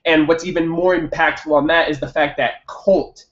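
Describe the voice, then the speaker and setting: A young man reviewing an anime episode in a casual monologue, excitable, swearing and jumping up loud when hyped. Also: fairly high pitch, moderate pace. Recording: echoey room, dull lo-fi mic.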